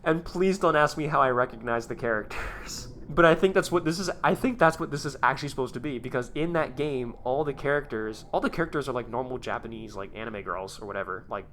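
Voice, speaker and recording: A man hosting his own video, reading aloud and commenting in a rambling, excitable way, chuckling often. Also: medium pitch, fairly quick, a little hiss or hum. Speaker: YouTube host.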